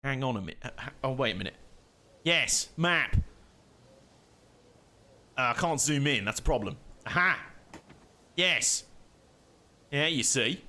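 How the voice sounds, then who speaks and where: A man's voice: mid-range voice, animated, a little slow, pauses often, bright, forceful tone. A man giving casual, chatty live commentary while streaming a game, muttering to himself and laughing often.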